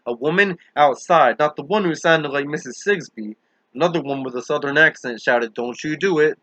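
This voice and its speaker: Male audiobook narrator, steady earnest reading, bright forceful voice, dry close sound, dull lo-fi recording. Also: a little high, moderate pace, no room sound. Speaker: audiobook reader.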